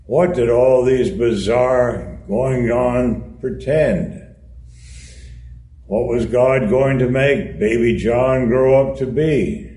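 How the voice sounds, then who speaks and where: Male reader for a sermon, slow and measured, wry delivery, roomy sound. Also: medium pitch, dark tone. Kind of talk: read-aloud sermon. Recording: echoey room.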